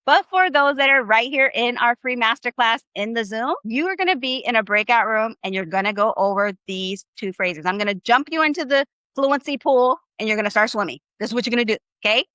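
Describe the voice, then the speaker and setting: A woman teaching Spanish live online with a bright, forceful voice pitched a little high. Her delivery is upbeat and coaching, and she keeps firing questions at her viewers. The sound is close and dry. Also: brisk, hardly any pauses, dry recording, dull audio. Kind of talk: live online language class.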